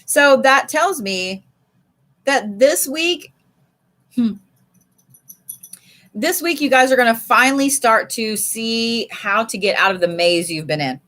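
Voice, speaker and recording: Woman card reader on a home live stream, high bright voice, chatty, swears and laughs. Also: expressive, takes it slowly, pauses often. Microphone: streaming setup.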